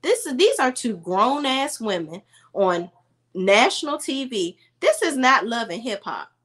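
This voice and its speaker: A woman's voice: a little high, big pitch swings, unhurried, fairly bright tone. A woman giving opinionated, casual commentary as she recaps a reality TV episode. She talks bluntly and with exasperation, in a slangy storytelling style.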